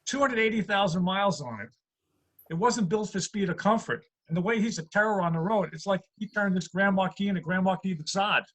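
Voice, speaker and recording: A comedian delivers deadpan one-liners in a high voice. He is heard through a computer mic on a video call from home. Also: a little fast, rough recording. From USA. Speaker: stand-up comedian. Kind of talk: stand-up routine.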